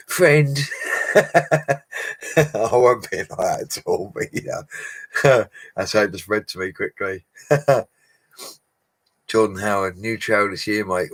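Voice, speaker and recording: A deep-voiced man with a fairly bright tone, a bricklayer, answers live chat questions during a casual livestream Q&A. He's matey and chatty and laughs often.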